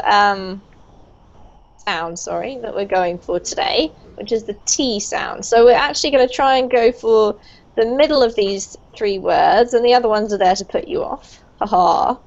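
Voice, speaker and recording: Cheerful pronunciation teacher, high-voiced woman, online class over a muffled call. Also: lively intonation, normal speed. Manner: upbeat, encouraging, praises often. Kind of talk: online group pronunciation lesson. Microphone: video call. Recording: dull lo-fi video call audio.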